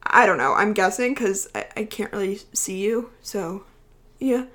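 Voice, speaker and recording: A woman's voice: medium pitch, unhurried, fairly bright tone. A young woman of about twenty hosts her own podcast in a loose, chatty way. She rambles off topic and keeps breaking into giggles as she talks. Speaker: podcast host. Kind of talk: casual chat.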